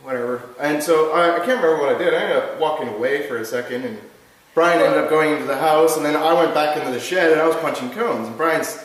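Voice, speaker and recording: A man telling a story in casual chat, animated, swearing often and laughing, recorded far from the mic in an echoey room. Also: fairly high pitch, quick pace. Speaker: podcast host.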